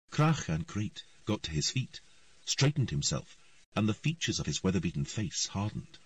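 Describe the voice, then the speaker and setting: A man narrating an audiobook in an expressive storytelling style. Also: on the low side, normal speed, no echo, far from the mic. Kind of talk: scripted narration.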